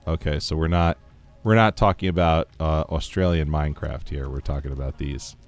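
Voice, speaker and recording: A man's voice: very deep voice, fairly even intonation, moderate pace, faint music behind. A man from the United States streaming a game, chatting casually, reading chat aloud and laughing often.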